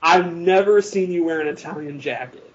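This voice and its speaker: A man's voice: fairly high pitch, moderate pace, muffled recording. A man co-hosting a podcast, teasing his friend in casual, jokey banter. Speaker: podcast co-host. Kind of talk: casual chat.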